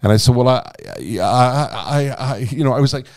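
A man's voice: medium pitch, moderate pace, few pauses. A man casually telling a long anecdote, acting out the voices of the people in it, swearing and laughing as he goes. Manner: animated, acts out dialogue with swearing and laughter.

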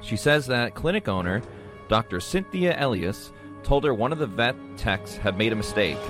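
A man reading a news story in a measured, even way. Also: mid-range voice, over music. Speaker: news reader.

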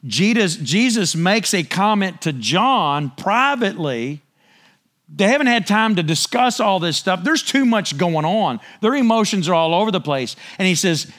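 A man giving a conversational Bible-teaching sermon, animated and storytelling, swinging his voice up and down as he acts out the scene. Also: high-pitched, normal speed.

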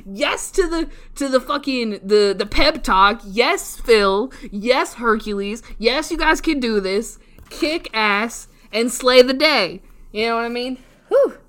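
A woman's voice: fairly high pitch, expressive, slow, a bit bright. A young woman co-hosting a podcast, talking in a loose, meandering way. She laughs often, trips over her words and restarts, and swears casually. She keeps making fun of herself. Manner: rambling, self-deprecating, giggly, swears casually. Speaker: podcast co-host. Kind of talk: casual solo podcast rant.

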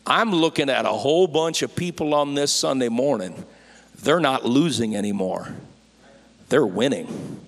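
Male pastor, middle pitch, folksy and fervent sermon delivery, live in a reverberant church hall. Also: lively intonation, measured pace, gravelly. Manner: preaching with rising fervor, folksy asides and shouted peaks. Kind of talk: Pentecostal-style sermon. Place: church sanctuary.

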